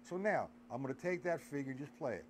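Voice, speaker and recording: A man's voice: medium pitch, lively intonation, fast talker, very noisy. A man teaching a live drum lesson, counting beats aloud and chatting with viewers in the stream chat. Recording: loud drum kit playing behind voice.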